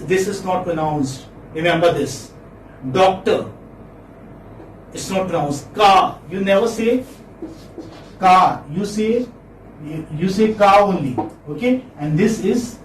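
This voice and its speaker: In an echoey classroom, a man with a high-sitting voice teaches English phonetics, repeating words over and over and quizzing his students. He speaks at a measured pace with frequent pauses. The mic is distant and there's faint background noise.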